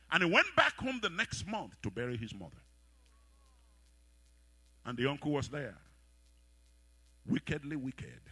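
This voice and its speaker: Male pastor, forceful and bright, dry close mic. He preaches in call-and-response and acts out the characters in his stories. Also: medium pitch, husky, dry recording. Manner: rousing preacher leading call-and-response prayer, shouting at peaks; animated storytelling with voiced characters. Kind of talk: sermon.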